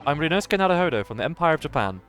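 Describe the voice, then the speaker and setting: A man's voice: on the high side, very animated, very fast, fairly bright tone, pitched above the performer's own voice. A nervous young male law student, voiced by a man. He stammers and trips over his words in a raised, flustered voice. Faint game music plays beneath.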